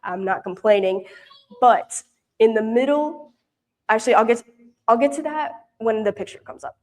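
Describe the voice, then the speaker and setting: A woman's voice: on the high side, moderate pace, darkish tone. A young woman from Louisiana giving a casual, rambling report at a church prayer meeting, full of fillers and restarts. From Louisiana, US South. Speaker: mission intern giving a report. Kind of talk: casual storytelling talk.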